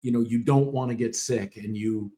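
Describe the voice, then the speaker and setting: A man co-hosting a podcast about dog training, talking in animated, casual chat with a lot of swearing and quick acted-out voices. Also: medium pitch, slight background noise.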